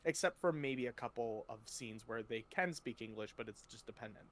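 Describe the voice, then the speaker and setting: A man's voice: medium pitch, animated, fairly quick, a bit bright. A young man co-hosting a podcast, telling stories in casual chat with many fillers. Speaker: podcast co-host.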